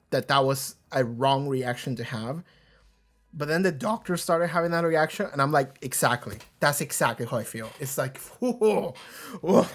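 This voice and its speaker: A man with a fairly high voice hosts a reaction video, speaking casually and animatedly. He rambles, restarts often, and swears.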